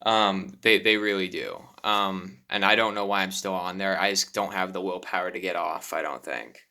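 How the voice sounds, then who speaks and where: A nervous young man speaks in a halting, self-deprecating way, stopping often to sigh, apologize and start again. His voice sits on the low side but sounds bright and smooth. He talks in a personal confessional vlog. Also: fairly even intonation. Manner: nervous, halting, many restarts and sighs. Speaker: YouTuber.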